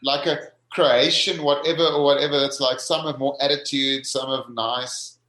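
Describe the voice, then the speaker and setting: A man's voice: medium pitch, steady tone, moderate pace, bright, forceful tone. A man co-hosting an interview podcast, jumping in with chatty questions. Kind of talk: casual interview. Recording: roomy echo.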